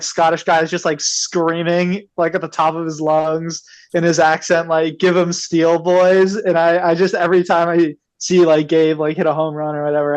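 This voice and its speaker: A man guesting on a podcast in casual chat, animated and giggly, saying "like" constantly. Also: on the high side. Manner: animated, giggly, heavy use of "like".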